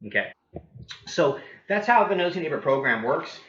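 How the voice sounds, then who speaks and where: An upbeat man coaching agents, his voice bright and forward. He keeps checking in with the listeners. The sound is roomy and a little dull. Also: fairly high pitch, big pitch swings, normal speed. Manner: upbeat, keeps asking "right?". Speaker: real estate coach. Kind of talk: training talk with role-played doorstep scripts.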